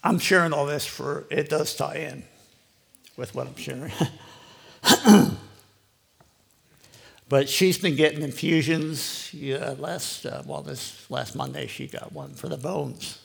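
Older man with a gravelly husky voice. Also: a little high, very animated, takes it slowly, pauses often. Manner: rambling and conversational, full of "you know". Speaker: lay preacher giving a testimony. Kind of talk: personal testimony to a live audience.

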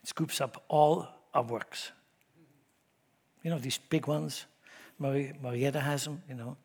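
A man preaching a sermon to his congregation, swinging between loud emphatic declarations and low asides, often repeating words and asking the room questions. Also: steady tone, a little slow, slightly rough. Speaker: pastor. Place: church.

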